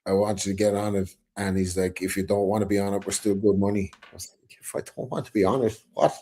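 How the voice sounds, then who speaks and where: Irish dude, kinda low and mellow, animated storyteller doing everyone's lines, swears a lot. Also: male voice, fast. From Ireland. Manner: animated storyteller, acts out quotes, swears freely. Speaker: guest rapper. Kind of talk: casual storytelling.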